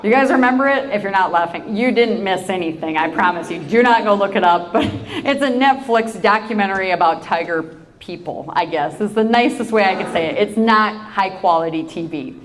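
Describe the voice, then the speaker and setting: A woman agriculture advocate from South Dakota gives a keynote built on stories. She moves from one anecdote to the next in a lively way and often turns to the audience with playful asides. Her voice sits at a middle pitch for a woman. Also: a little fast. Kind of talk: storytelling keynote talk.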